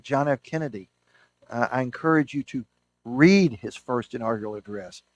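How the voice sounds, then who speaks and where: A man, a historian and author, giving a book talk as an enthusiastic storyteller, often restarting his sentences. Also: mid-range voice. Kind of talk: lecture with anecdotes.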